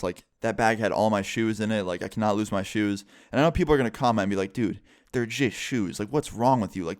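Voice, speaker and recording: Young guy rambling thru a storytime vlog, kinda low voice, dry close sound. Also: no room sound. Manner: excitable, rambling, lots of "like". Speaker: vlogger. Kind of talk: casual storytime.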